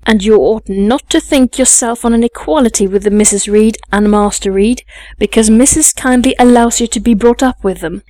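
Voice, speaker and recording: A woman's voice: fairly high pitch, normal speed, mellow, dry recording, close to an everyday voice. A woman voicing a harsh, self-righteous lady's maid who speaks sharply and contemptuously.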